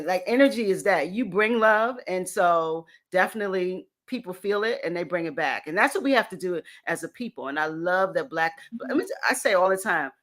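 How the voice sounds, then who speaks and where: A woman's voice: mid-range voice, fairly bright tone. A woman hosting a casual interview, affirming her guest and reading listener comments aloud. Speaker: radio show host.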